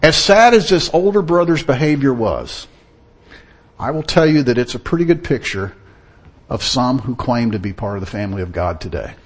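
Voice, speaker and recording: A man's voice: medium pitch, very animated, moderate pace, breathy edge. A man preaching a sermon in an earnest, storytelling manner. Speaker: pastor.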